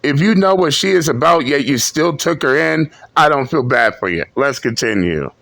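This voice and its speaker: A man's voice: mid-range voice, animated, normal speed, vocal fry, fairly bright tone, dry recording. A man giving blunt, profane, scornful reaction commentary. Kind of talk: mocking commentary.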